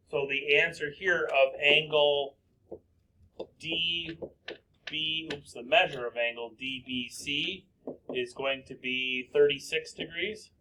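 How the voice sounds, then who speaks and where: A male teacher talks through math problems at an unhurried, deliberate pace. His voice is bright and a little high, and he poses questions aloud before answering them. A faint noise sits under the recording. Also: fairly even intonation.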